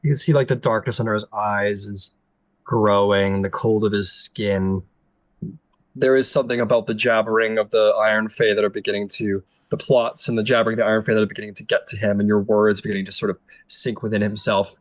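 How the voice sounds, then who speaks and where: A man's voice: lowish voice, fairly even intonation, a little fast, no echo, low-quality recording. A man narrating as game master in a loose, filler-heavy style.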